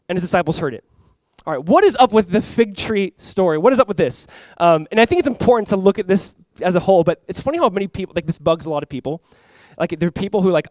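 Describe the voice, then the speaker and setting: A man's voice: high voice, animated, quick pace, darkish tone, no room sound. A man preaching a sermon as pastor, reading scripture with rising emphasis and breaking into conversational asides and jokes.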